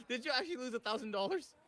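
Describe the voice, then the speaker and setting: A woman guesting on a casual game stream, giggling often and talking hesitantly, trailing off mid-thought. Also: fairly low pitch.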